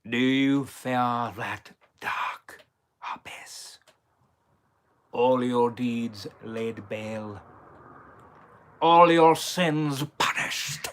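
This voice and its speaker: A man voicing a menacing old male sea captain creature, with slow, drawn-out, theatrical threats, in a live stream impression. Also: medium pitch, fairly bright tone.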